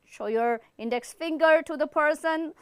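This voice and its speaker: In an online acting class, a theatre teacher from India walks students through instructions step by step, frequently praising them and acting out expressions with big lines. Her high-pitched voice moves at a moderate pace, and the studio recording is clean with no echo.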